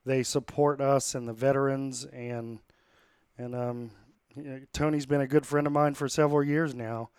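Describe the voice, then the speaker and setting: Host: man, upbeat podcast reads, smooth clear voice, dry sound. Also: medium pitch, little pitch movement, moderate pace, darkish tone, no room sound. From United States. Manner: upbeat, rallying, plainspoken with fillers. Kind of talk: sponsor reads and casual interview.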